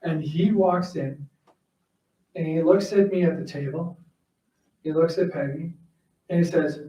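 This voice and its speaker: A man's voice: fairly high pitch, steady tone, a little slow, mellow, far from the mic. Heartfelt man giving a eulogy, echoey room. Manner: plain storytelling, heartfelt. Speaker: eulogist at a funeral. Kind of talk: personal eulogy and prayer. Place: funeral home chapel.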